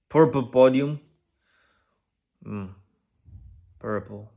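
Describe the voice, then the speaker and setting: A man giving casual, speculative commentary on a video, musing through a list of phrases with many pauses and frequent "you know" and "right?" asides. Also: on the low side, fairly even intonation, dull audio. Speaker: video creator decoding an advertisement.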